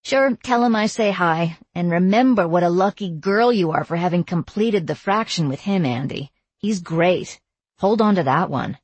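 A woman's voice: fairly low pitch, moderate pace, darkish tone, slightly rough, dry recording. Woman doing a weary, gossipy young girlfriend. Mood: fond. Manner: chatty, deflated complaining.

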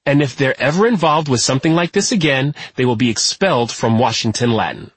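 A man voicing a stern, firm school headmistress in an audiobook, in a husky, dry tone. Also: mid-range voice, animated, no echo, pitched above the performer's own voice. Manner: firm, measured, clipped.

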